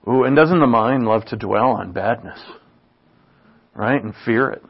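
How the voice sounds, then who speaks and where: A man's voice: medium pitch, a little slow, vocal fry, pauses often, breathy edge. A man giving an informal, chatty sermon, often checking in with the listeners by asking "right?". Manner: chatty, asks "right?" often, laughs at own asides. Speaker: preacher. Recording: dull lo-fi recording.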